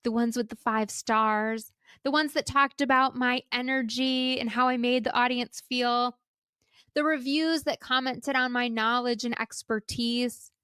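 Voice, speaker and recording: Middle-aged woman host, higher voice, conversational and upbeat, close dry mic. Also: fairly even intonation, measured pace, pushed and bright, clean tone, dry recording. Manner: upbeat, conversational, asks listeners rhetorical questions. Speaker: podcast host and speaker coach. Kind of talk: solo podcast talk.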